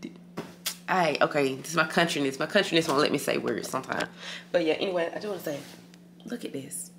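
A low-pitched woman talks frankly to her viewers in a relaxed vlog, swearing freely and calling them y'all. Her voice carries a gravelly fry, and a faint hiss sits behind it in a hotel room. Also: quick pace. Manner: chatty, frank and profane, addresses viewers as y'all and friend. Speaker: vlogger. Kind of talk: casual vlog chat to camera.

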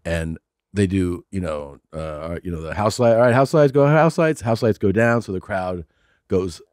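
A man in his forties tells a story on a podcast in a loose, casual way. He slips into other people's voices as he quotes them. His voice sits low, and the sound is dry and close to the mic. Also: normal speed, dry recording. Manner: animated storyteller acting out quotes. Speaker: podcast co-host.

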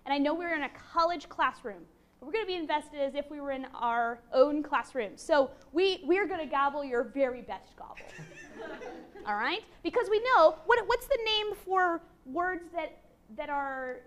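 A woman teaching a college class, lively and encouraging, with a playful manner. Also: sits high, normal speed. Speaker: university lecturer. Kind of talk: classroom lecture.

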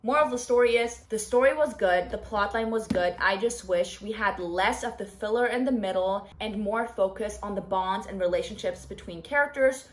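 A woman's voice: mid-range voice, normal speed, hardly any pauses, background noise. A woman talking casually in a reading vlog, giving dramatic, exclaiming reactions as she reads. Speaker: book vlogger.

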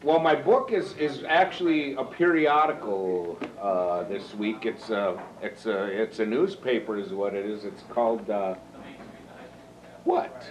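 A man's voice: on the low side, unhurried, low-quality recording. A man as a reluctant co-host in a comedy sketch, hesitant and stammering with many fillers.

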